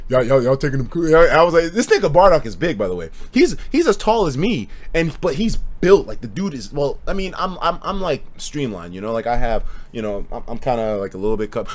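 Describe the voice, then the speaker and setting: A young man streaming, telling stories in a casual, animated way and laughing often. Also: a little high. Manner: animated storytelling with frequent laughter and profanity.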